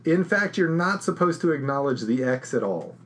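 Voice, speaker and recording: A man's voice: fairly high pitch, normal speed. A man co-hosting a casual movie chat, joking and reading bits of articles aloud. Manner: animated, reads articles aloud, jokey. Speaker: podcast co-host.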